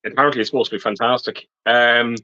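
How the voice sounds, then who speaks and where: A man's voice: medium pitch, fairly even intonation, fast, pushed and bright, no echo. Rambling man, muffled stream audio. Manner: earnest, rambling, restarts sentences. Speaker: regular panelist on a movie livestream. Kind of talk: casual chat on a live stream.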